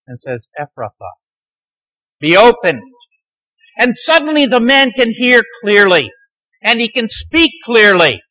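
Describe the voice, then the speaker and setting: A man lecturing a class on the Bible, telling its stories dramatically and sometimes dropping to a near hush. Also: high voice, rough recording. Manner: dramatic storytelling, dropping to near hushed tones.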